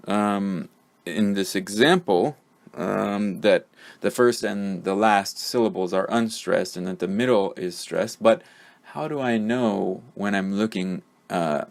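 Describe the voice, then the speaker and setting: A man's voice: fairly low pitch, takes it slowly, creaky. A man teaching English pronunciation, explaining step by step in a patient way with frequent "um" and "uh". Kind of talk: pronunciation lesson.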